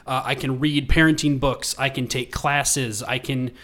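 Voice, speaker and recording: Guy cohosting a podcast, easygoing, lots of ums, average pitch. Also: measured pace. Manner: relaxed, lots of ums and uhs. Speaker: podcast co-host. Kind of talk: casual podcast chat.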